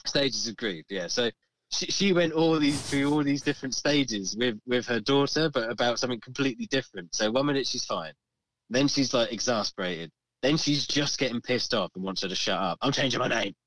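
A man's voice: medium pitch, brisk, a little hiss or hum, low-quality recording. Man telling a story, swearing freely. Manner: animated, swearing, acts out the voices in his story. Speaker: podcast co-host. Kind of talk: casual storytelling chat.

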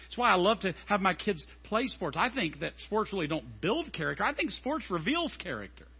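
A middle-aged man preaching a sermon as a pastor, animated and telling stories. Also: high voice, fairly quick, husky, highs cut off. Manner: animated and storytelling, acting out scenes.

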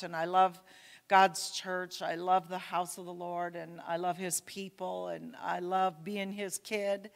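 A woman addresses her congregation in a relaxed, self-deprecating way, full of ums and asides. Her voice sits at an ordinary pitch for a woman. The sound carries a long reverb from the church hall. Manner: chatty, self-deprecating, folksy with many fillers. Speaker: pastor's wife speaking at church. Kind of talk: casual church talk. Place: church sanctuary.

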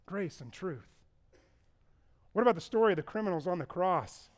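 A man preaching a sermon as pastor, telling the stories in an animated way and acting out the people in them. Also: high-pitched, moderate pace, long pauses. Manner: animated storytelling, acting out the people in the story with a raised voice.

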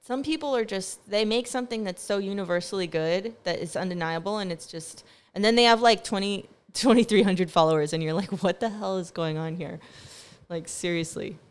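A woman's voice: medium pitch, a little fast, smooth. A young woman rambling in a casual monologue, sarcastic and laughing often, with frequent swearing. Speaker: vlogger.

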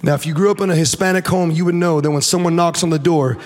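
A man giving an animated personal testimony to a church audience, acting out the voices in his story and often restarting sentences. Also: on the high side, quick pace, long reverb tail. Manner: animated storytelling, acts out quotes, repeats and restarts. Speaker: guest speaker.

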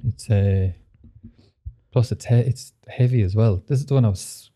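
A man's voice: on the low side, moderate pace, dark tone. A man hosting a casual podcast, rambling loosely and laughing easily. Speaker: podcast host.

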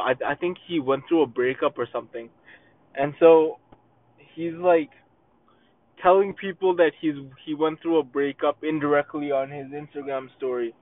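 Young male podcast host, exasperated profane rant, slightly high voice, phone-quality sound. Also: no echo. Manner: profane, exasperated ranting with many fillers and restarts.

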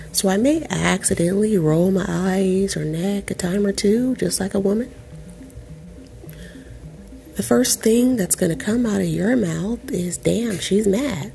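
A young adult woman hosting a podcast, reading out an article and commenting on it in an animated, profane, sarcastic way. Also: lowish voice, gravelly, slight background noise. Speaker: podcast host.

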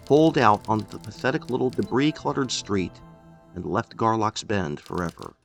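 A man narrating a first-person story in a measured, expressive way. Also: lowish voice, creaky, soft background music. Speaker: audiobook narrator.

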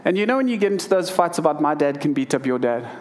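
His voice runs high and a little mellow, with big pitch swings and a quick pace. A pastor in his thirties, he reads scripture and then earnestly relates a personal story, emotional and restarting often.

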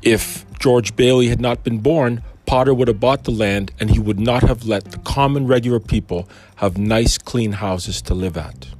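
A man's voice: mid-range voice, normal speed, few pauses, darkish tone, faint music behind. A man giving an informal Christian talk, wandering into conversational asides. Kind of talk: informal preaching.

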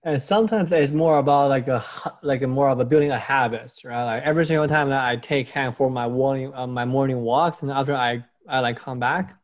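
A man chats casually as a podcast co-host. His speech is at an ordinary middle pitch. He rambles, restarts often and bends his English grammar. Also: brisk, few pauses. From China. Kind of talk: casual chat.

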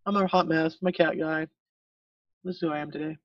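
A man talks in a loose, rambling way full of fillers, with a voice pitched a little high. He sits well back from the mic, and the sound is dull and dry. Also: fairly even intonation, a little fast, dry recording, distant mic. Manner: rambling, candid, frequent fillers. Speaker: group participant sharing about pet loss. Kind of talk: casual support-group sharing.

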